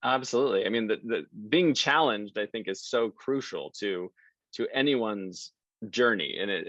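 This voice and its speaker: A man's voice: on the low side, no echo, dull audio. A man guesting on a podcast, chatting casually and acting out the people in his stories. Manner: lively storyteller, acts out quoted people. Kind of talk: casual interview chat.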